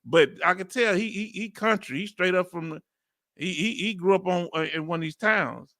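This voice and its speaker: A lively man with a Texas accent talks back at a clip in a high, bright, forceful voice. His commentary is slangy and animated, full of laughter. The sound is close and dry. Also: normal speed, no echo. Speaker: reaction video host. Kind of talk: reaction commentary.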